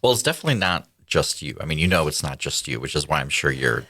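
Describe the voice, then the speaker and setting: A man's voice: a bass voice, sing-song, quick pace, pushed and bright, no echo, studio quality. A man talking as a podcast guest, teasing at times and thoughtful, often starting over mid-sentence. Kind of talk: casual conversation.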